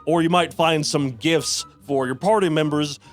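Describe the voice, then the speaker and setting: A man's voice: fairly high pitch, moderate pace, soft background music. A man giving a sarcastic, profane comedic review of a video game.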